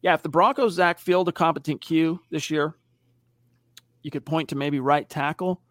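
A man's voice: a little high, normal speed, no echo, studio quality. A man co-hosting a casual sports podcast, reading out viewer comments and telling stories with acted-out quotes. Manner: animated storyteller, acts out quotes. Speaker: podcast co-host reading live chat.

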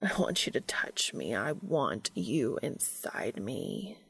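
A woman voicing an earnest, soft-spoken male angel who talks quietly and sometimes whispers. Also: fairly low pitch, lively intonation, measured pace, creaky, slightly rough, heavily acted. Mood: intense.

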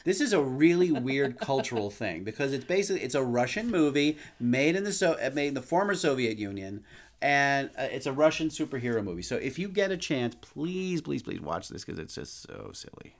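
A man's voice: mid-range voice, big pitch swings, a little fast. A man co-hosting a podcast, reviewing films in casual chat with wry, playful humor. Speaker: podcast co-host.

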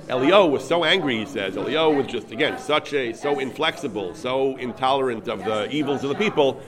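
A man's voice: mid-range voice, expressive, fairly quick, hardly any pauses. Earnest man teaching a text class over crowd noise. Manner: reads verses and translates them line by line, earnest, repeats himself. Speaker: Torah teacher. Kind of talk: text-study lecture.

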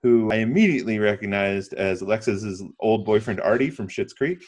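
Low-voiced man casually recapping a movie. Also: fairly quick, a little mellow. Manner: laid-back, recaps the plot. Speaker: podcast co-host.

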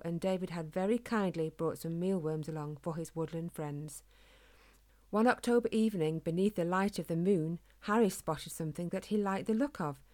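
A woman reading a children's storybook aloud in a calm, gentle, steady way. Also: lowish voice. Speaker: narrator.

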